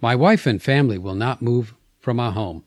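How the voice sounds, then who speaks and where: A man's voice: medium pitch, moderate pace, dry recording, natural voice. A man reading a fan letter in a hammy mock Australian accent, voicing an outback man who drives long hours. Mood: earnest. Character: rough-voiced Australian outback man, long-haul commuter.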